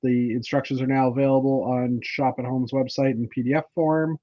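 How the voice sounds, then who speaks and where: A man's voice: medium pitch, flat delivery, fairly quick, dull audio. A man from Canada hosting a casual livestream chat, rambling with lots of fillers and restarts. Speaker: livestream host.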